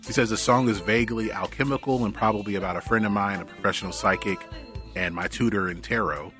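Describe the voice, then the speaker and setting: A man co-hosting a podcast in casual chat, halting and often laughing. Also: lowish voice, a bit bright, faint music behind. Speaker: podcast co-host.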